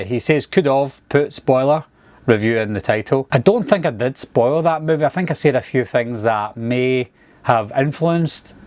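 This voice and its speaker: A Scottish man talks to his viewers in an easy, chatty way, with a relaxed manner. His voice sits at an ordinary middle pitch. The recording is dry and close, with no room sound. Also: dry recording. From Scotland. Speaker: YouTube movie reviewer. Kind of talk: casual monologue to camera.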